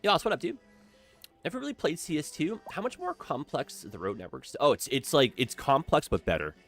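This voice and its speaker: A man's voice: fairly high pitch, wildly swooping pitch, fairly quick, soft background music. Chatty man streaming a game. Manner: chatty and upbeat, lots of "like" and "eh?". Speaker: streamer playing a city-building game. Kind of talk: casual live-stream commentary.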